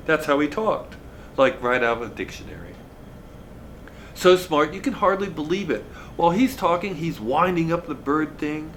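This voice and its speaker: A man reading a novel aloud in a relaxed, conversational storytelling manner. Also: a little high, normal speed, slight background noise. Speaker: reader of a novel.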